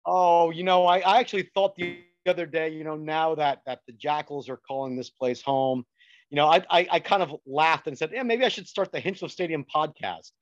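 A man's voice: on the high side, moderate pace, no echo, faint music behind. Podcast guest, man with New Jersey accent, chatty joker, dull lo-fi mic. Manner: chatty, laughs easily, jokey. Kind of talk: casual chat. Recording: dry, muffled lo-fi sound.

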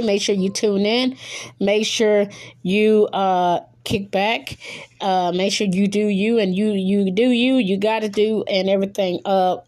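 A woman's voice: mid-range voice, darkish tone. A woman hosting her own podcast in casual solo chat, rambling and correcting herself, a little nervous. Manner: rambling, self-correcting, hurried plugs. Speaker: podcast host.

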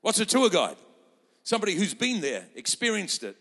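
Fervent high-voiced preacher in a reverberant hall. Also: male voice, huge pitch swings, moderate pace, fairly bright tone, slightly rough. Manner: fervent, rousing, quoting scripture in acted voices. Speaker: pastor. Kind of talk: sermon.

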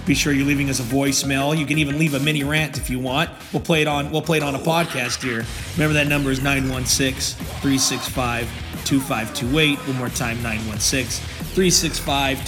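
A man's voice: medium pitch, steady tone, moderate pace, in a large hall, over music. A man hosting a podcast alone, ranting with heavy swearing and frequent laughter. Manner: profane, laughing, heated ranting. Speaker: podcast host. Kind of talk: comedic rant podcast.

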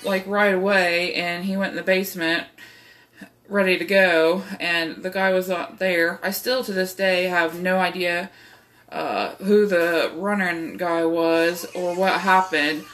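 A woman's voice: on the low side, fairly even intonation, measured pace, fairly bright tone. A young woman host telling a rambling, profane personal story, with lots of fillers. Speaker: podcast host. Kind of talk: casual storytelling.

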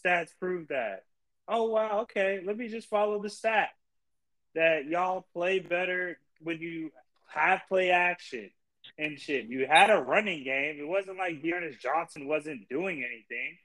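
Profane, ranting young man, high-pitched. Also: measured pace, bright, forceful tone, poor audio. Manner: profane, exasperated ranting with big pitch jumps. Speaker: podcast co-host. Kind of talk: casual sports podcast rant.

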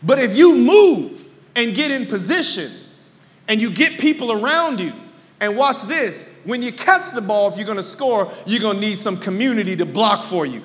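A man preaching a sermon to his church, shouting points and breaking into joking asides. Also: high voice, expressive, moderate pace. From California. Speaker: pastor. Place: large church sanctuary. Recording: reverberant church hall.

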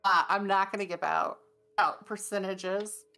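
A woman's voice: medium pitch, steady tone, measured pace, bright, forceful tone, faint music behind. An American woman, a horror author, speaking thoughtfully and laughing often as a guest in a casual podcast chat. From United States.

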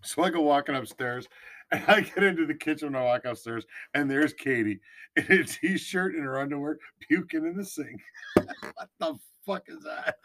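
A man's voice: a little high, normal speed. A Canadian man, a podcast guest, telling stories and swearing freely in casual banter, laughing often. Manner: profane, laughs often, animated storytelling.

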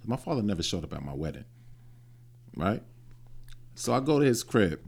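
A man in his late thirties hosts a podcast in casual talk. His voice sits a little low, and he tells a personal story bluntly, swearing freely. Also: sing-song, moderate pace, gravelly, a little mellow. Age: 30s. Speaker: podcast host. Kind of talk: casual chat.

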